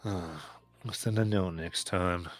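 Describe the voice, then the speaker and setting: A man narrating as game master of a tabletop game, halting, with many fillers and sighs. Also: low-pitched, steady tone.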